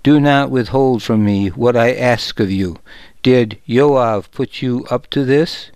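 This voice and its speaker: A man voicing an aging king in a slow, measured audiobook reading. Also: medium pitch, a little mellow, clean tone, no room sound. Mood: sharp. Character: aging king, commanding yet tender. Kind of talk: audiobook narration.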